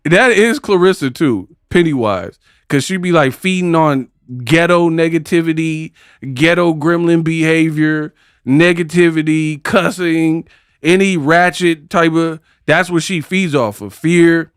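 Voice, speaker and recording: A man hosting a casual live stream, chatting with viewers in animated, slangy banter and often breaking into laughter. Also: fairly high pitch, a little slow, clear, resonant tone, no room sound, clean studio sound. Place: home set under hot lights.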